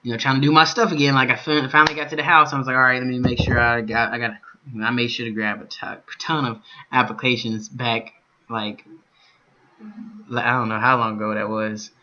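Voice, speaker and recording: A young man vlogging, telling a story, shifting from calm recounting to loud cursing rants. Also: mid-range voice, fairly quick, muffled recording, a little hiss or hum. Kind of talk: storytelling vlog.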